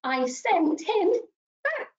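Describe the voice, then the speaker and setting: A woman leading a children's story session, talking to toddlers in an animated sing-song way, gasping with delight and coaxing them to join in. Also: very high-pitched, slow pace, lo-fi sound. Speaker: early years practitioner.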